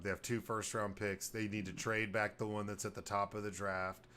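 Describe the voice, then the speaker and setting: Profane, rambling man, low voice. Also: fairly bright tone, a little hiss or hum. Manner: blunt, profane, rambling football takes. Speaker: podcast host. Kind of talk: casual sports talk.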